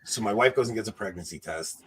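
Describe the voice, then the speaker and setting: A man in his thirties telling a long personal story in casual chat, animated and laughing, acting out what people said. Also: on the low side, fast talker. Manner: animated, laughing, acts out quotes. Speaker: podcast co-host telling a story.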